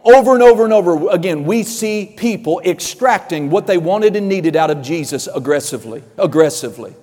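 A man preaching a sermon with fervor, building to shouts and acting out voices of Bible figures. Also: fairly high pitch, animated, moderate pace, big-room sound.

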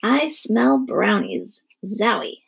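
A woman's voice: a little high, animated, takes it slowly, gravelly, slightly rough, heavily acted. A woman voicing a scornful eleven-year-old boy, the oldest brother.

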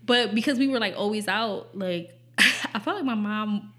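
A woman's voice: mid-range voice, moderate pace, a bit bright. Blunt, profane young woman telling a story. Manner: blunt, profane and laughing as she tells it. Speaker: podcast host. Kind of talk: casual storytelling chat.

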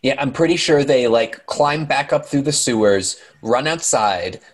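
A man with a husky, slightly rough voice talks through a film plot in a loose, rambling way. He is sarcastic and swears freely, often slipping into quick impressions of the characters. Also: mid-range voice, animated. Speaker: podcast co-host recapping a movie. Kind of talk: casual chat.

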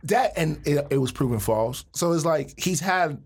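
Animated husky man ranting on a podcast. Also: a little high, normal speed. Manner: animated, opinionated, slangy, repeats words when excited. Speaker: podcast co-host. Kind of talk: casual chat.

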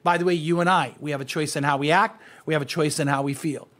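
A man's voice: fairly high pitch, steady tone, fast, fairly bright tone. A man, a pastor, giving an earnest, conversational Bible teaching and speaking directly to his listeners.

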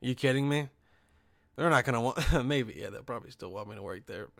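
A man's voice: mid-range voice, quick pace, vocal fry, a bit bright, no echo, studio quality. A young man hosting a podcast, ranting casually and profanely with lots of restarts and sarcastic asides. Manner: frequent restarts and "okay?" asides. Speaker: podcast host.

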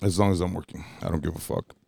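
A man co-hosting a casual podcast, telling stories in an animated, profane way and teasing his co-host. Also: low-pitched, quick pace, vocal fry, slightly rough, dry recording, studio quality. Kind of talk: casual chat.

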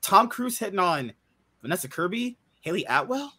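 A man's voice: high-pitched, big pitch swings, normal speed, pushed and bright. A man hosting a casual podcast chat, talking animatedly and often exclaiming in disbelief. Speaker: podcast host.

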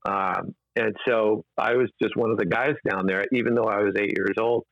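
A man's voice: lowish voice, fairly even intonation, moderate pace, vocal fry, no echo. A man, an interview guest, telling rambling anecdotes casually with many fillers and restarts, in a dull, dry lo-fi recording.

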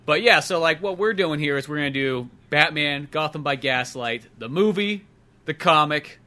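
A man's voice: a little high, animated, normal speed, bright, forceful tone. A man hosting a podcast, chatting casually and rambling, swearing often and acting out exaggerated voices. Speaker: podcast host. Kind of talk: casual chat.

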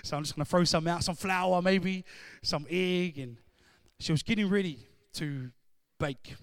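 A man preaching a sermon, moving between conversational storytelling and loud, emphatic call-and-response. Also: high-pitched, a little slow, dry recording, studio quality.

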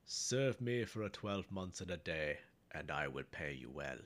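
A plain-spoken village joiner offers work in a low, steady voice. He is businesslike and direct, a storybook tradesman played by a man. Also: unhurried.

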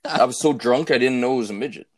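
A man's voice: medium pitch, fast, no room sound. A man in casual chat, reacting with short remarks and then starting his own party story. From Canada.

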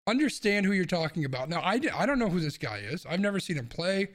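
A man rants hotly on a casual sports podcast, swearing as he goes. His voice sits a little high for a man. He talks from a room at home. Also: big pitch swings, fast talker. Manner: heated, swearing, ranting. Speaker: podcast co-host. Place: home room with windows open.

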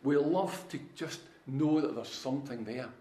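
A middle-aged man preaches a sermon in an easy, folksy storytelling manner. He slips humorous anecdotes in among his points. His voice sits at an ordinary pitch and carries a roomy echo. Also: moderate pace, warm tone. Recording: echoey room.

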